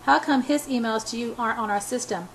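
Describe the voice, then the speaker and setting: A contemptuous, volatile male boss, as a woman reader puts him on, pressing and sneering. The voice sits a little high and somewhat loud. It is read from a storybook. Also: fast talker, slight background noise, natural voice.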